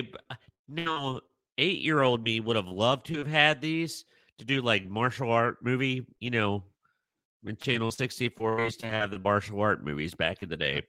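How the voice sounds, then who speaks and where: Casual male co-host, unhurried and bouncy, bright clear tone, giggles through it. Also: mid-range voice, dry recording. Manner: laughs often, playful. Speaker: podcast co-host. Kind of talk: casual chat.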